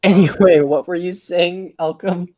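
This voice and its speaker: A man's voice: high voice, fairly even intonation, measured pace, mellow, low-quality recording. A man co-hosting a podcast in casual chat, teasing and sarcastic. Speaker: podcast co-host.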